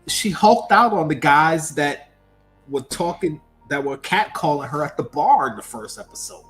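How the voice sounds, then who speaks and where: A man co-hosting a livestream, talking casually about pop culture in an animated, emphatic way full of rhetorical questions. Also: a little high, normal speed, soft background music. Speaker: livestream co-host.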